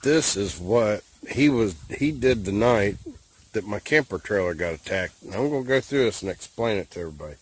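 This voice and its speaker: A man casually explaining and demonstrating an encounter at his trailer in plain, rough-edged talk. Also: on the low side, lively intonation, a little fast. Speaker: guest recounting an encounter.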